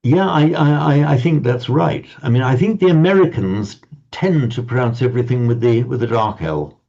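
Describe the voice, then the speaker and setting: In a dull lo-fi recording, a man lectures a language class in a digressive way, stammering into frequent restarts and tossing off wry asides. His voice is medium-pitched, gravelly and warm, with lively intonation at a moderate pace.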